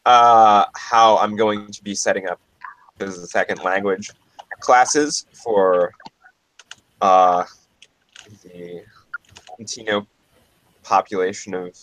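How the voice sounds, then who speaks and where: A man's voice: lowish voice, takes it slowly, pauses often, fairly bright tone, no echo, poor audio. A man playing a tabletop game, thinking aloud and asking questions about his character's skills. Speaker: player.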